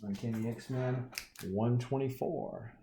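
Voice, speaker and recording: A man's voice: medium pitch, steady tone, slow pace, dark tone, slight background noise. A man with a Southern US accent, casually showing his comic collection with folksy, joking asides. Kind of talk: casual show-and-tell.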